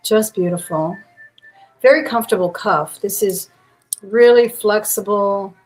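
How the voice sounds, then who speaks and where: A woman's voice: medium pitch, unhurried, darkish tone. Chatty woman selling jewelry live. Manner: chatty, describes pieces while handling them. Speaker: auction host. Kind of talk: live-stream jewelry sale. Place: indoor room. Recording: roomy echo, faint music behind.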